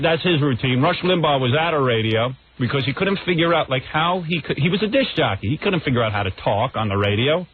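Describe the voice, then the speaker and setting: A man's voice: mid-range voice, expressive, brisk, hardly any pauses, a little hiss or hum. A man hosting a radio show, ranting in a brash, combative way. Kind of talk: radio rant. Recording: tinny phone-like radio recording.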